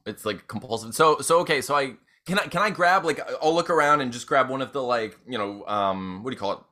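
A man's voice: medium pitch, expressive, fast talker, pushed and bright. A man chatting as a player in a tabletop game, laughing often. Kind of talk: casual tabletop game play.

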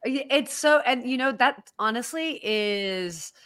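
A woman's voice: on the high side, lively intonation, takes it slowly, fairly bright tone, smooth, dry recording, studio quality. A woman co-hosting a hospitality podcast, chatting casually and laughing easily. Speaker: podcast co-host. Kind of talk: casual chat.

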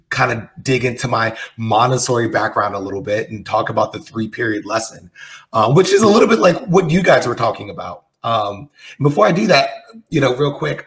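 Soft-spoken male podcast host. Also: medium pitch. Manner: relaxed, filler-heavy, thinking aloud. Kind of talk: casual podcast chat.

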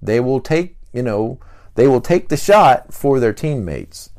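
A man hosting a podcast, explaining personality types in a casual teaching monologue and acting out the people he describes in short bursts. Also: mid-range voice. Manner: animated, acts out quick voices of people he describes. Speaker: podcast host.

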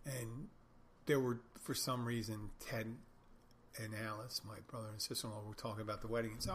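A man's voice: lowish voice, little pitch movement, fairly quick, slight background noise. A middle-aged man hosting a podcast, telling rambling stories in a wry, self-correcting way. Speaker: podcast host, bartender. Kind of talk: casual monologue storytelling.

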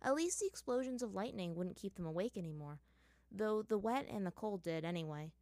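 A woman narrating a story aloud in an even, steady manner. Her voice sits mid-pitch. The recording is dry with no room sound. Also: fairly quick, no room sound. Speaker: reader. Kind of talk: reading fan fiction aloud.

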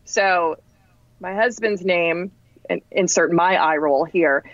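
A woman in her forties from New Jersey, a podcast guest telling a story in a chatty, animated way with fillers. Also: on the low side, slow, no echo, lo-fi sound. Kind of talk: casual storytelling.

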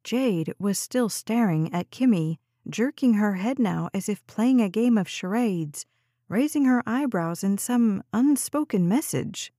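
A woman narrates a novel in a calm, measured audiobook reading. Her voice is mellow and dark in tone, recorded dry and close with no room sound. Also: mid-range voice, no room sound.

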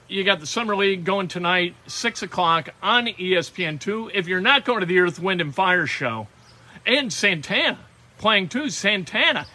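Bright-voiced opinionated sports talk man. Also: high voice. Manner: opinionated, emphatic, quick asides. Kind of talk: sports radio commentary.

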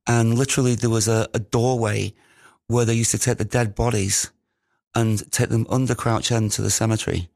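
A man, a musician, recounting studio stories in a rambling, casual way with many pauses. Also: fairly low pitch, level tone, creaky, a little mellow, no echo. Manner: rambling, many ums and restarts. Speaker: musician guest. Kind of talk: casual anecdotal storytelling.

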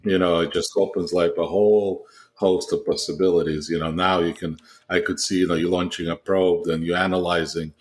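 A man's voice: sits low, little pitch movement, brisk. A man co-hosting a gaming podcast, chatting casually and rambling a bit with lots of fillers. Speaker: podcast co-host. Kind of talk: casual chat.

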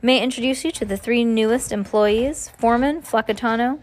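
A woman's voice: a little high, fairly quick, slight background noise, natural voice. A woman reading aloud and voicing a tired, polite male mill worker who speaks mildly.

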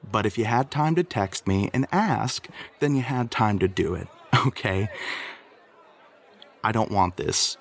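A man leaving a rambling, comedic voice message for a podcast, flustered and jumping into a higher voice when he gets worked up. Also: animated, unhurried, pauses often, a faint crowd.

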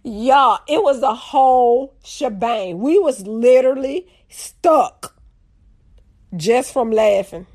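A young woman with a drawl tells a story straight to her viewers, calling them y'all. Her voice sits high and swings widely up and down. She takes her time, unhurried. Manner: animated, drawling, addresses audience as y'all.

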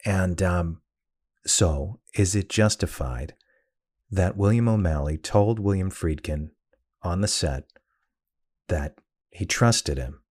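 A man's voice: low voice, darkish tone, no echo, clean studio sound. A man hosting a horror-film podcast, talking in a conversational, thoughtful way with some filler words. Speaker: podcast host. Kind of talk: solo horror-film talk.

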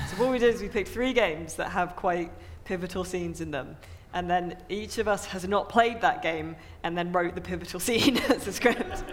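A man's voice: high-pitched, slight background noise. A man hosting a casual chat, loose and hesitant. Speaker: host. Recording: reverberant room.

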